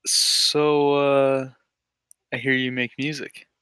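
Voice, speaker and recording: A man's voice: medium pitch, level tone, slow pace, sharp tone, clean tone, no echo. A man playing a bard at the table, answering with hesitant, stammering lines. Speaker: player. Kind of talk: in-character table talk.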